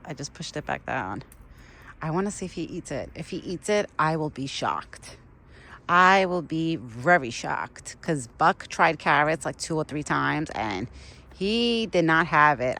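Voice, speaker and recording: A woman's voice: low-pitched, a bit bright, a little hiss or hum. A young woman chatting casually and rambling as she feeds a deer outdoors in the cold, laughing often. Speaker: vlogger feeding a wild deer. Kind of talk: casual outdoor vlog chat.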